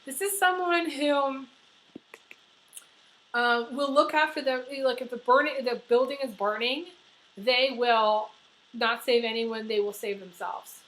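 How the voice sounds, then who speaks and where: A woman's voice: on the high side, unhurried, fairly bright tone, poor audio. Blunt, chatty woman reading tarot. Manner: blunt, chatty, swears freely, many fillers. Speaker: tarot reader. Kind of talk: casual tarot reading to camera.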